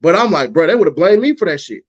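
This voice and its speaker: A man's voice: fast talker, husky. A man telling a story in casual chat as a guest, cursing often and acting out what people said. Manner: profane, animated, acts out quotes in a higher voice. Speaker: guest, YouTuber. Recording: dull lo-fi sound.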